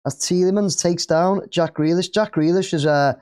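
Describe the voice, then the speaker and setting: A man's voice: high voice, normal speed, a little mellow. A man with an English accent hosting a live football watch-along, chatting casually and cheering at the play.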